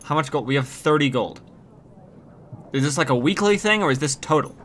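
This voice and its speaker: A man's voice: a little high, lively intonation, a little fast, fairly bright tone, a little hiss or hum. A man streaming a game, chatting casually, joking, swearing and reading game text aloud. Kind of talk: casual gameplay commentary.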